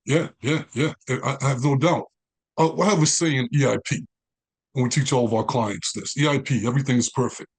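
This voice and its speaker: A man, a guest in an interview, telling his life story with animated quoted dialogue. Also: medium pitch, a little fast, breathy edge. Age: 40s.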